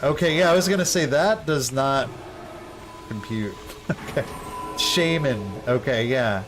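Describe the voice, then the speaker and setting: A man's voice: medium pitch, animated, normal speed, background noise. A young man streaming a game, chatting casually in a laid-back, rambling way full of slang. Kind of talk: casual gameplay chat.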